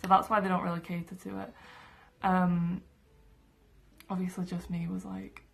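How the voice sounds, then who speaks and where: Chatty young Englishwoman with gravelly fry. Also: lowish voice, level tone, moderate pace. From England. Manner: chatty, many "like" and "um" fillers. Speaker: vlogger. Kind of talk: casual storytelling to camera. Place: her room indoors.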